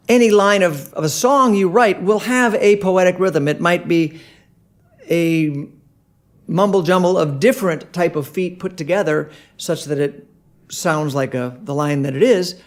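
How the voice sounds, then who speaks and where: Relaxed man teaching songwriting. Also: on the high side. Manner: chants rhythms in nonsense syllables; hesitant, many fillers and restarts. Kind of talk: casual video lesson.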